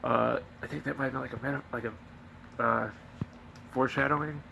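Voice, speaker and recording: A man's voice: medium pitch, fairly even intonation, moderate pace, creaky, background noise. A young man casually rambling through a movie review into his own camera, swearing often and full of fillers and restarts. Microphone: camera filming himself.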